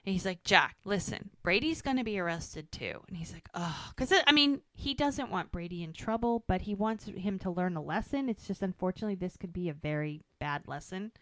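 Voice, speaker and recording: A woman's voice: fairly low pitch, expressive, fairly quick, hardly any pauses, a bit bright, dry recording. A woman co-hosting a podcast, casually recapping episodes and acting out the characters' lines as she goes. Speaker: podcast co-host.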